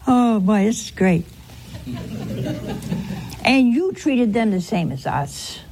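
A woman's voice: a little high, very animated, drawn-out words, pauses often, darkish tone, slight background noise. An older woman preaching a sermon, telling stories and acting out the voices in them, sometimes dropping to a whisper. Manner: storytelling with acted-out quotes and whispers. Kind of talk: sermon on a gospel parable.

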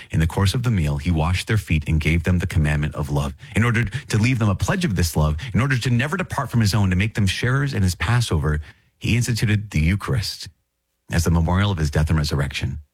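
Man, low voice, husky, dry close sound, earnest catechism teacher, chatty asides, repeats himself for emphasis. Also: lively intonation, quick pace, no echo. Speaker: podcast host teaching the Catholic catechism. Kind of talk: casual teaching with read passages.

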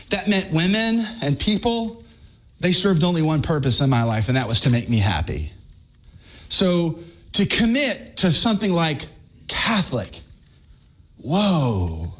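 High-voiced man telling a faith story. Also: low-quality recording. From Texas. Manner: lively storyteller who stammers and repeats words for effect. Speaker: speaker giving his conversion testimony. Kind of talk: humorous personal testimony told to a live audience. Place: speaking before an audience.

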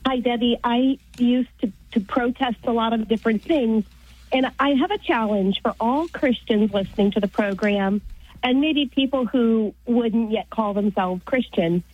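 Husky woman calling in over a tinny phone line. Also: fairly high pitch, normal speed, dry recording. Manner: earnest, storytelling. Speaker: caller. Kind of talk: phone-in testimony.

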